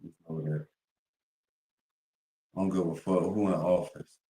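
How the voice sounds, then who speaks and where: A man's voice: low-pitched, sing-song, measured pace, creaky, warm tone, reverberant. A man streaming live, talking casually to his viewers, rambling and profane with heavy slang.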